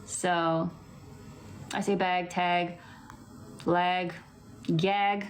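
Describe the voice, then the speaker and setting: A woman's voice: on the low side, drawn-out words, long pauses, slight background noise. A young woman from Vancouver with a West Coast Canadian accent, chatting casually on a livestream and answering viewer comments, laughing often and saying "like" a lot. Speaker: livestream host.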